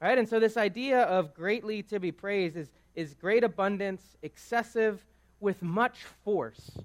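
A man's voice: sits high, a little slow. A man preaching a sermon, explaining scripture in a conversational way, often restarting words and checking in with "right?". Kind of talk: sermon teaching on a psalm.

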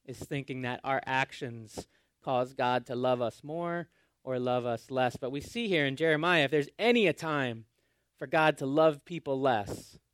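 A man preaching a sermon, often asking his congregation questions and swinging between loud and hushed. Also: medium pitch, no room sound, studio quality. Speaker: pastor.

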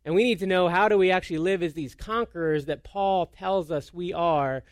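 A man preaching a conversational sermon as a pastor. He tells self-deprecating stories in an animated way and often restarts his sentences. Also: high-pitched, moderate pace, no echo, clean studio sound. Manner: storytelling with frequent restarts.

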